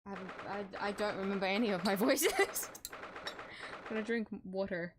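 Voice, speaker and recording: A woman's voice: medium pitch, normal speed, background noise. A young woman streamer chatting casually to viewers while playing a game, giggly and self-deprecating.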